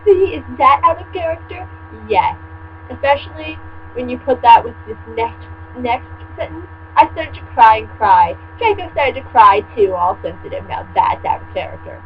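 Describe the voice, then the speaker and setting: A woman's voice: sits high, normal speed, highs cut off. Sarcastic woman reading with wry asides. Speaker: fan fiction reader and commentator. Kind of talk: comedic reading with commentary. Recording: steady mains hum.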